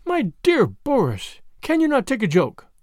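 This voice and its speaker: Brief: man doing a cold, scornful schemer lady in a storybook reading, high and lilting, dry sound. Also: unhurried, dry recording, full character voice. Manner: calm, mocking, coolly superior. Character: cool, scornful, scheming society woman.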